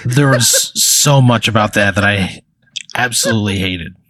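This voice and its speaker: A man in casual podcast chat, answering in a deadpan, grumbling way. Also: on the low side, a little slow, no room sound.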